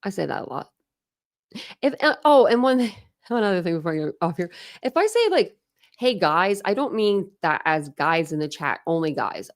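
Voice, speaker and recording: A young woman hosting a true crime channel, chatting casually and rambling to her livestream viewers, full of "like"s and restarts. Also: lowish voice.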